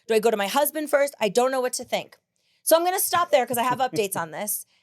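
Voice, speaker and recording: High-voiced woman hosting a podcast. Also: very animated, quick pace, no echo, studio quality. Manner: blunt, profane, laughs often. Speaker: podcast host. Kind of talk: casual podcast chat.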